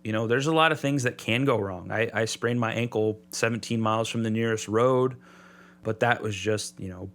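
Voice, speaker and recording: A man's voice: on the low side, normal speed. A man talking casually as a podcast guest, rambling and restarting his sentences as he tells stories from the trail. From United States. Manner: relaxed, rambling with many restarts. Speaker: podcast guest, thru-hiker. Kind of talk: casual interview storytelling.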